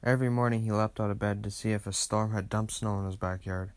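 Low-voiced man reading a storybook. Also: fairly even intonation, fast talker, no room sound. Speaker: narrator. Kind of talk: children's storybook read-aloud.

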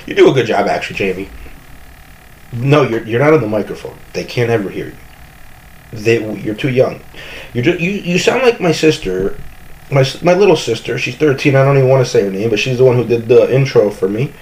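A man's voice: medium pitch, lively intonation, a little fast, a little mellow, low-quality recording. A man hosting a comedy podcast from his home kitchen, rambling with joking bravado and constant self-corrections. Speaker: podcast host.

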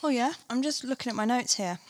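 A woman's voice: a little high, animated, no echo. A woman co-hosting a podcast in casual, giggly chat. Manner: chatty, giggly, quick asides. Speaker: podcast co-host.

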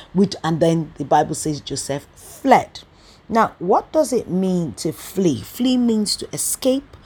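A woman's voice: fairly low pitch, husky. A woman teaching a Bible study, emphatic and fond of rhetorical questions, stressing key words with sudden bursts.

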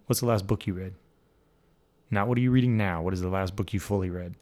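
Podcast host, male, low pitch, playful teasing banter, easygoing chat. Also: fast, a little mellow. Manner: playful, teasing, laughs often. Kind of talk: casual chat.

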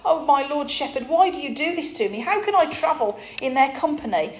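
A woman's voice: on the high side, expressive, moderate pace, a little mellow, lightly acted. A woman voicing a frightened, timid young pilgrim woman who pleads tearfully and breathlessly, in a roomy recording. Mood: pleading. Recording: roomy echo.

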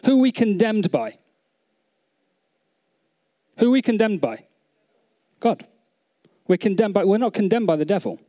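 A man's voice: high-pitched, sing-song, unhurried, long pauses, mellow. A man preaching a sermon, earnest, repeating phrases and asking the congregation questions. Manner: earnest, many restarts, repeats phrases, asks the audience questions. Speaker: pastor.

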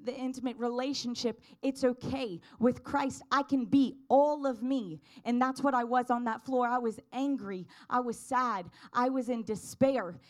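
A woman's voice: fairly high pitch, fairly even intonation, measured pace, few pauses. A woman telling a personal faith testimony in an earnest, fervent way, building to emphatic declarations.

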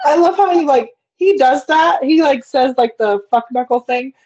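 Brief: young woman co-host, high voice, rambling chatty delivery, slightly muffled lo-fi mic. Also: moderate pace, a little mellow. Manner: chatty, rambling, laughs often. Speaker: podcast co-host. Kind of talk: casual chat. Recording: slightly dull lo-fi sound.

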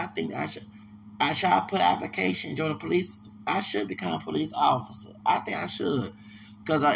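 A man's voice: fairly high pitch, creaky, a bit bright, a little hiss or hum. A man talking on his podcast in a casual, rambling monologue, emphatic and often stumbling over repeated words. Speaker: podcast host.

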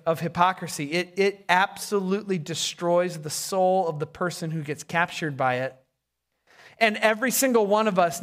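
A man preaching a sermon as pastor, conversational and animated, acting out sarcastic voices. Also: high voice.

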